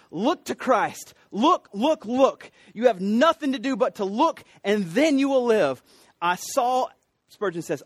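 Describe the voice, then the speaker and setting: Preacher, male, high-pitched voice, dry close sound; storyteller cadence, builds to emphatic cries. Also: no echo. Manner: rising to emphatic, preachy cries on repeated phrases. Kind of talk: sermon.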